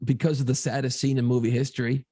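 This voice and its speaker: A man's voice: medium pitch, flat delivery, fast, warm tone, husky, no room sound, studio quality. A man co-hosting a podcast, chatting casually about movies in a rambling, easygoing way with casual swearing. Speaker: podcast co-host.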